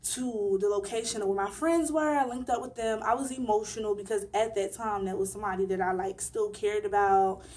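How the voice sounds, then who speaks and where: A woman's voice: mid-range voice, steady tone, a little fast, hardly any pauses, a little mellow. A young woman vlogger telling a personal story in a casual, emphatic way, full of slang.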